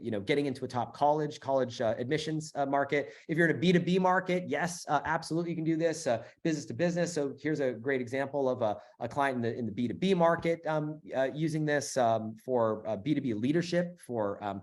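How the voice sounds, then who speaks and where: Emphatic, fast-pitching male webinar host. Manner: energetic, emphatic, repeats phrases, many fillers. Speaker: webinar host selling a business bootcamp. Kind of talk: live sales webinar pitch with Q&A.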